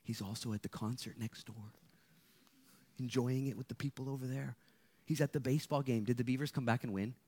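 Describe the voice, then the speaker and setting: A young man giving a casual sermon at a campus meeting as a guest speaker, joking and chatty, swinging between hushed and loud passages. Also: mid-range voice, fairly even intonation, a little fast.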